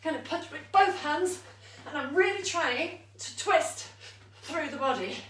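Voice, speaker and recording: Woman fitness coach, high bright voice, slow and out of breath, roomy echo from a distance. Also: expressive. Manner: upbeat coaching, counting down, laughing at herself. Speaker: fitness instructor. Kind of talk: live online exercise class.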